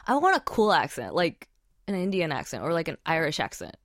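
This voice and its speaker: A woman's voice: low voice, wildly swooping pitch, a little fast, dry recording, studio quality. A woman with an American accent co-hosting a podcast in casual chat, talking easily with frequent laughs and fillers. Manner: chatty, laughs often, uses many fillers. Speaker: podcast co-host.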